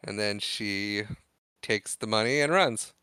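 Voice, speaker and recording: A man's voice: on the low side, a little slow, pushed and bright, clear, resonant tone, no echo. A man co-hosting a podcast, retelling film scenes in casual chat and acting out the lines. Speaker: podcast co-host.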